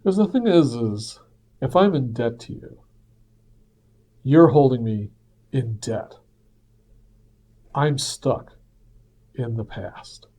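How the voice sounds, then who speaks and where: A man's voice: medium pitch, dark tone. A man talking through his personal reflections in a casual, earnest, conversational monologue. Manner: earnest, conversational, acts out quoted voices. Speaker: speaker sharing personal reflections.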